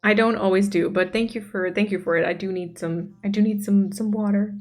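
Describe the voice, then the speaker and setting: Chatting casually as she plays, a woman streamer reads out chat messages and gushes about the game. She talks briskly, with a medium pitch and a steady tone.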